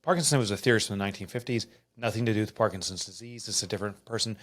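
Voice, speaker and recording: A middle-aged man, an author and podcast guest, telling a personal story in an earnest, emotional and animated way. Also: fairly low pitch, very fast. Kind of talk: candid storytelling interview.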